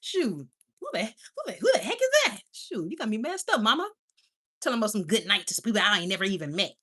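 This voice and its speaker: A woman's voice: mid-range voice, very animated, fast talker, a bit bright, husky. A woman putting on the voice of a baffled, grumpy young son in mock outrage. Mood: indignant.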